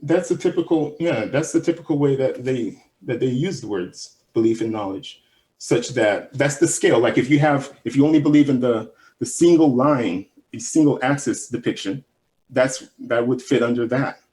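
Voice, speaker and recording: A man calling into a live debate, defensive and halting, often restarting his sentences. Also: medium pitch, a little mellow. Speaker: caller in a debate stream.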